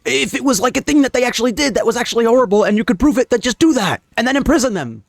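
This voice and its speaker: A man's voice: extremely high pitch, expressive, rapid-fire, gravelly, dry recording. Fired-up man ranting in a dry room. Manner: heated, profane, ranting. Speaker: political commentator reacting to clips. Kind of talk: casual reaction commentary.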